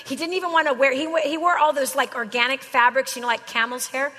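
Woman speaker, higher voice, slangy casual sermon, long hall echo. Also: fairly even intonation, fast talker, sharp tone. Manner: slangy, chatty storytelling. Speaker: Christian speaker.

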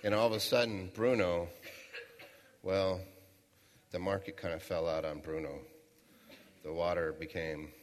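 A man's voice: low-pitched, steady tone, a little slow, pauses often, a little hiss or hum. A middle-aged man giving a motivational talk in a large hall, telling a folksy story and asking the audience rhetorical questions. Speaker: motivational speaker. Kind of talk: storytelling keynote speech. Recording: long reverb of a large hall.

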